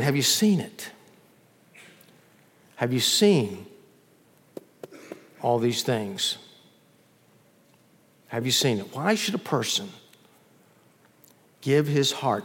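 A male pastor preaching a sermon in a church, emphatic, swinging from loud peaks to soft drops. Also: mid-range voice, husky, long reverb tail.

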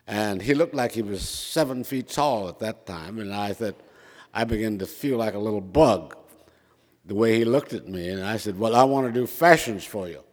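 A man's voice: fairly low pitch, normal speed, darkish tone. An older man from Minnesota telling a self-mocking personal story, chatty with frequent fillers. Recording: reverberant hall.

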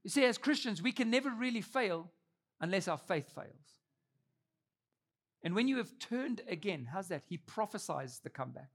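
A man in his thirties preaching a sermon, telling the story with animated delivery and acting out the quotes. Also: sits high, moderate pace, husky. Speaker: pastor.

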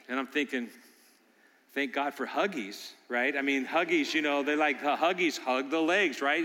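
Older male pastor preaching in a hall. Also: fairly high pitch. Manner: storytelling, builds to loud animated bursts. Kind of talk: sermon. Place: church sanctuary. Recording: long church hall reverb.

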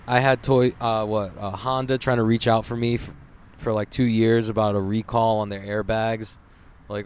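A man's voice: medium pitch, smooth. A young man hosting a casual podcast from his car, rambling and jokey with lots of swearing. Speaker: podcast host. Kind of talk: casual solo podcast while driving. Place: inside a car in traffic. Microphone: large podcast microphone with headphones. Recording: in a car with road noise behind.

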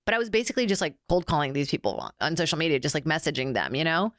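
A woman's voice: low voice, big pitch swings, rapid-fire, no echo, clean studio sound. A young woman guest comedian chatting casually, telling stories animatedly with lots of fillers and acted-out quotes. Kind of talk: casual chat.

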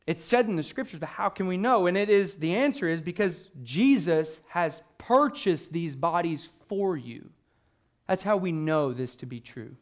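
A man with a high voice preaches a sermon in a loose, conversational way. He often restarts his sentences and uses fillers. Now and then he acts out an excited exchange between characters. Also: normal speed. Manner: acts out the disciples' excited questions. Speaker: pastor.

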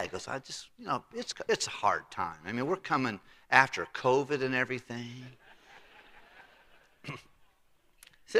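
Pastor, man, bright voice, animated folksy storyteller who acts out his characters, long church reverb. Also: medium pitch, normal speed, long pauses. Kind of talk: sermon. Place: church sanctuary.

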